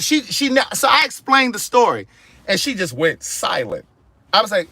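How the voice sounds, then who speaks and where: A man telling a story in casual vlog style from his car, animated and exasperated, acting out both sides of his phone calls. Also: very high voice, normal speed, no echo. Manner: sassy, exasperated. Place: inside a car.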